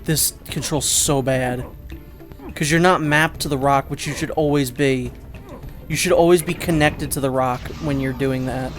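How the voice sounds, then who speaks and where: A man's voice: mid-range voice, fairly even intonation, moderate pace. A man hosting a let's play, giving sarcastic, exasperated commentary on a game. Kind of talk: gameplay commentary. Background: game music.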